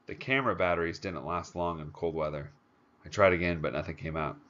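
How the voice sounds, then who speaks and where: A man narrating a first-person audiobook in a steady, plain storytelling manner. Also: low voice, fairly quick. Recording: dull lo-fi recording.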